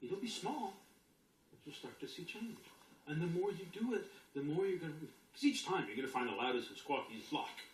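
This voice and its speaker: A spiritual teacher giving an emphatic, animated motivational talk to an audience, sometimes acting out inner voices with sudden shouts. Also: medium pitch, a little fast. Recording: roomy echo with faint ambience.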